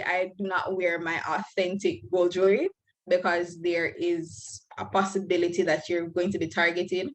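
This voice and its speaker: Over poor audio, a young woman from Belize with a lowish voice offers frank, earnest advice to new students on a video call. She talks candidly and laughs lightly from time to time.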